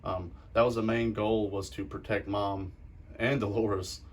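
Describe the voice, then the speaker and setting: A paranormal investigator speaks in an interview in a somewhat low voice. He is blunt and earnest, and he often says the same thing twice. He sounds steady and sure of himself. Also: unhurried, slight background noise.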